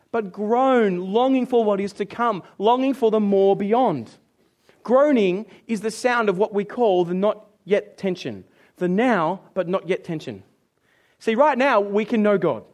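High-voiced male preacher. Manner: animated, acts out complaining voices, drops low for scripture. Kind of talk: sermon.

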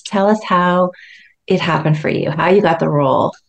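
A woman's voice: on the low side, moderate pace, gravelly. A woman co-hosting a casual podcast interview, asking curious, teasing questions of her guest. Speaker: podcast co-host.

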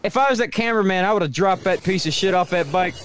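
A man's voice: high-pitched, fast, noisy background. A man co-hosting a podcast, talking in blunt, profane, joking banter. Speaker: podcast co-host. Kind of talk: casual banter.

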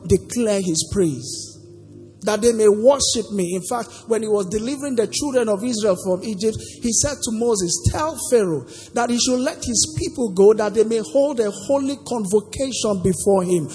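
Male pastor, high voice, call-and-response sermon, echoing sanctuary with faint music. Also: normal speed, mellow. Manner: call-and-response preaching, asks congregation to finish verses. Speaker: preacher. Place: church sanctuary. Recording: long hall reverb with faint music.

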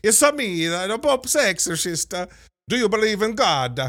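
A man's voice: sits high, animated, normal speed, a bit bright, pitched above the performer's own voice. A man mimicking a hammy male priest with a silly, exaggerated mock Italian accent. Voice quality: cartoonish and exaggerated. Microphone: studio microphone.

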